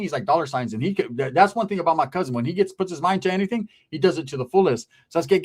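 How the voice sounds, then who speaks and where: Male comedian, lively rising-and-falling voice, slightly high, slangy and profane. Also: rapid-fire, few pauses, husky. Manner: animated, swearing street-slang storyteller. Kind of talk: stand-up storytelling.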